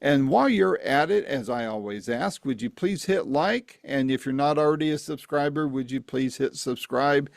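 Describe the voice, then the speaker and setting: A man's voice: medium pitch, normal speed, vocal fry, few pauses, no room sound, studio quality. A man hosting a podcast, giving a friendly, folksy intro and then interviewing a guest. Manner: friendly, folksy, with promo asides. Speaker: podcast host. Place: East Tennessee, home setup.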